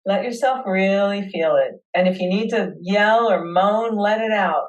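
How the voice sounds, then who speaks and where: A woman hosting a webinar, leading listeners through a guided tapping session with slow, soothing affirmations. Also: medium pitch, far from the mic, dull audio.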